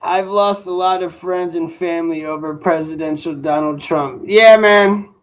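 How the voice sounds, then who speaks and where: A man hosts a casual livestream and talks with his chat in an unhurried, drawn-out way. His voice sits high for a man. He sounds tired and dismissive, and he drops "bro" into almost every line. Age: adult. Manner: laid-back slangy talk, says bro a lot; dismissive toward a chat troll. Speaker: livestream host.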